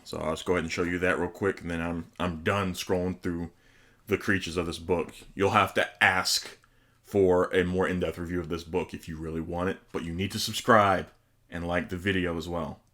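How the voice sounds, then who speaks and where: Host with a very low voice doing a casual unboxing review, chatty and enthusiastic. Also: male voice, a bit bright. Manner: enthusiastic, chatty, with hesitant pronunciations. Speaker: host reviewing tabletop game books.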